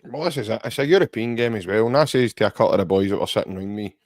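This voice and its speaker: A man's voice: on the low side, lively intonation, very fast, no echo. A Scottish man hosting a casual football podcast, chatty and jokey, rambling through banter. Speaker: podcast host.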